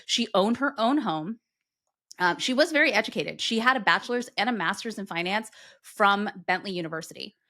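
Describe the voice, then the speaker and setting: Bright-voiced woman podcast co-host. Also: medium pitch, animated, brisk. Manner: chatty, explains background at length. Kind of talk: casual chat.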